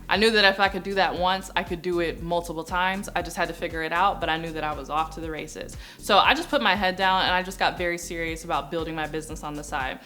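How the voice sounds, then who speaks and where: A young woman from the United States, a business coach on YouTube, telling her own story in an animated vlog and acting out the voices she quotes. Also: fairly low pitch, fast talker, few pauses, faint music behind. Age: young adult.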